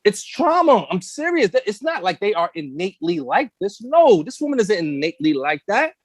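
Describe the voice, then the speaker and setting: A man's voice: sits high, sing-song, normal speed, dry recording. A man co-hosting a casual discussion, talking in an emphatic, impassioned way, full of slang and rhetorical questions. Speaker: podcast co-host.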